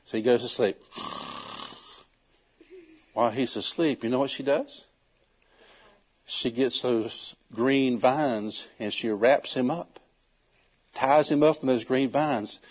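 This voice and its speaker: A man preaching, telling a Bible story in a folksy, animated way and acting out the characters. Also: mid-range voice, slow, pauses often, husky. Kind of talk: storytelling sermon.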